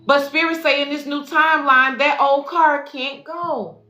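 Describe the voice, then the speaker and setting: In a casual tarot reading livestream, a spiritual life coach and intuitive reader speaks at a measured pace in a high, bright voice with fairly even intonation. She's profane, affectionate and preachy, calling viewers y'all and baby, in an echoey room with faint music.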